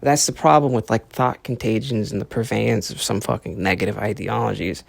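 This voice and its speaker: A man's voice: lowish voice, fairly even intonation, a little fast, gravelly, husky, no echo. A man hosting his own podcast, rambling in a casual, profane way and acting out the voices he quotes. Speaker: podcast host. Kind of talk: casual solo podcast monologue.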